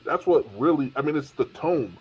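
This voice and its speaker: A man's voice: on the high side, expressive, moderate pace, dull audio, heavy background noise. A man in a casual panel discussion, assertively explaining his view and correcting others.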